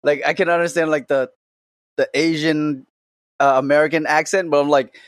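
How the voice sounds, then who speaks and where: A man's voice: fairly high pitch, little pitch movement, normal speed, dry recording. A man telling rambling stories in casual podcast chat, full of "like" fillers. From Boston area. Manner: rambling storyteller, many "like" fillers.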